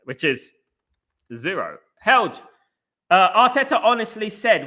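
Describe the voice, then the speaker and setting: A man from England hosting a casual live football fan stream. He gives animated shout-outs to viewers and rambles with frequent restarts. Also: high voice, a little slow, pauses often. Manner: animated, greets viewers by name with "big up". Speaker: football fan channel host.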